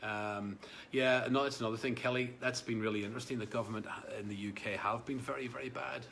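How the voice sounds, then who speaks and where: A man's voice: mid-range voice, fairly even intonation, quick pace, creaky, a bit bright, a little hiss or hum. A man chatting casually on a live stream, rambling with restarts and speaking directly to viewers about their comments.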